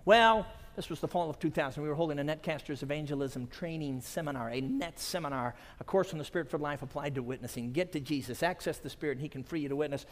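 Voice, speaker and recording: A man's voice: on the high side, quick pace, few pauses, in a large hall. A man preaching a sermon at a conference, telling stories and chuckling often. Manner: storytelling with frequent chuckles. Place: large conference hall.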